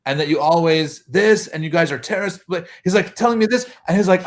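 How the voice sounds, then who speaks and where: A man's voice: a little high, fast, hardly any pauses. Storytelling American imam, man. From United States. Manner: animated anecdote-telling with chuckles. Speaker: mosque imam. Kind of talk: casual storytelling in a panel talk.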